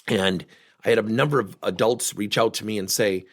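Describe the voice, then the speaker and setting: Gravelly, husky middle-aged man. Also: fairly low pitch, normal speed. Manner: animated storytelling, acting out quotes. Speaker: motivational speaker and former coach. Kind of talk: motivational talk.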